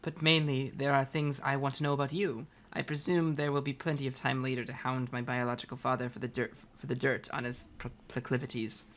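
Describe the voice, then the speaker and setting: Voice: medium pitch, level tone, a little fast, hardly any pauses, lightly acted. A reader voicing an articulate, dry-witted teenage girl who talks in elaborate phrases. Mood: wry. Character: verbose wry teen girl, articulate and dry. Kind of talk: reading comic dialogue aloud.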